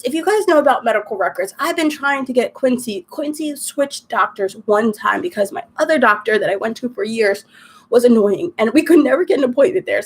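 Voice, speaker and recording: Young woman, high-pitched, chatty ranting live streamer. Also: breathy edge. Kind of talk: casual chat while crafting.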